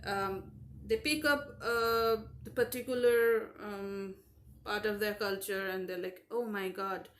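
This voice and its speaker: A woman's voice: mid-range voice, steady tone, unhurried, a bit bright. A young woman from Southeast Asia chatting frankly and at length while she paints on a live stream. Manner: rambling and frank. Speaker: digital artist streaming live. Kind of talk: casual chat while painting.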